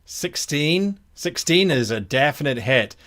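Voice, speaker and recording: Lively man running a tabletop game. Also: on the high side. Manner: animated, laughs often, quick rules talk. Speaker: game master.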